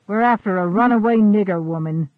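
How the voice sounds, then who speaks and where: A man's voice: high-pitched, a little fast, no echo, narrow, tinny audio, close to an everyday voice. A man voicing a burly, blustering slave catcher who makes threats.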